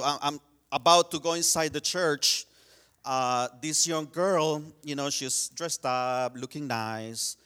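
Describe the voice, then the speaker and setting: A man who learned English as a second language, preaching in a church in a chatty style with many asides and slowed-down emphasis. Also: medium pitch, a bit bright, clean tone. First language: not English. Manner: conversational, frequent "you know" and restarts, slows down to stress key words. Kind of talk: sermon with humorous stories.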